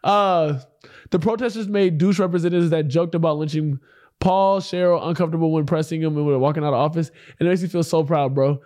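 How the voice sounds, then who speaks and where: A young man with a notably high voice, chatting casually on a livestream. He argues his points stubbornly and breaks into laughs often. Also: steady tone, fast, darkish tone. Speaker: stream co-host.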